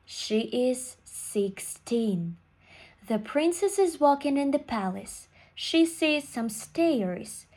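A woman reading a fairy tale aloud to children, in slow, clear, simple sentences. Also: a little high, darkish tone.

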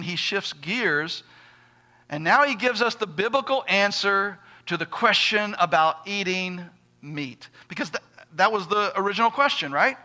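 A man's voice: high-pitched, pushed and bright. A male pastor preaching a sermon, emphatic, putting rhetorical questions to his congregation.

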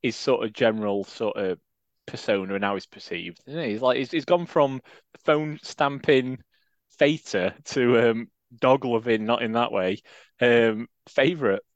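A man's voice: medium pitch, unhurried, no room sound, dull audio. A man co-hosting a casual football podcast, wry and teasing. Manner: wry, teasing, drifts into jokey put-on voices. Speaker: podcast co-host.

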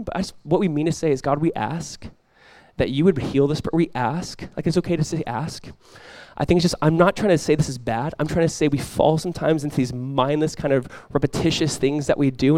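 A man's voice: on the high side, darkish tone, no room sound. A young adult male pastor giving a conversational sermon, joking and acting out little quotes.

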